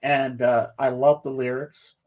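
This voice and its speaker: A man co-hosts a relaxed podcast, talking in a plain-spoken, easygoing way. His voice sits at a middle pitch. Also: measured pace. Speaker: podcast co-host. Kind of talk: casual chat.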